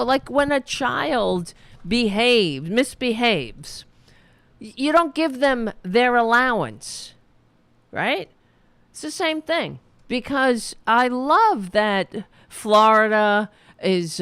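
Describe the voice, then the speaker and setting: A woman hosting a live-streamed political talk show, ranting angrily and bluntly, with plenty of profanity and some quieter asides to the chat. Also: medium pitch, dry recording.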